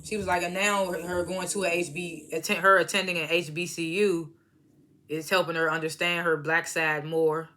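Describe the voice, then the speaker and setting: A woman with a fairly low pitch and sharp tone speaks at a moderate pace with a flat delivery. She casually recaps a reality show episode, often laughing while retelling scenes and acting out the cast's quotes in loose, slangy language.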